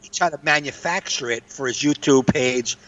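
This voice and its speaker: A man's voice: mid-range voice, normal speed, a bit bright. A man co-hosting a casual comedy podcast, ranting in a profane and exasperated way. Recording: distant, dull lo-fi mic.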